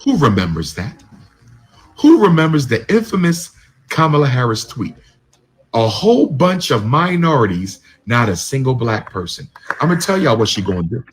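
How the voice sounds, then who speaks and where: Guy ranting politics, voice swings all over, kinda husky. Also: fairly high pitch, sing-song, measured pace. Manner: repetitive, preachy, rhetorical questions. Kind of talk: political commentary rant.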